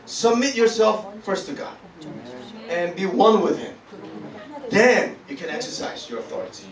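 A man preaching a sermon, animated and laughing as he tells a story, pausing often to search for words. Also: sits high. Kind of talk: sermon with live interpreting. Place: church hall. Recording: echoey hall, distant mic, congregation.

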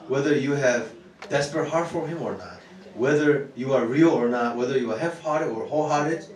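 A man with a Korean accent, a pastor preaching a sermon in an earnest, repetitive way that builds to loud exclamations. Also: medium pitch. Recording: roomy church hall, distant mic.

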